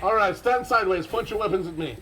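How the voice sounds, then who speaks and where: On an outdoor festival stage, a man leads a crowd in live street theater, commanding and theatrical, with dry sarcastic asides. His voice sits high and he talks fast, and the audio is poor.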